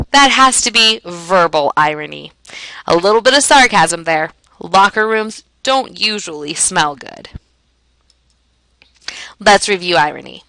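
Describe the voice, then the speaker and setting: A woman teacher explaining a lesson in a clear, emphatic way, asking and answering her own questions. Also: on the low side, pushed and bright, no echo, rough recording. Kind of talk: classroom lesson narration.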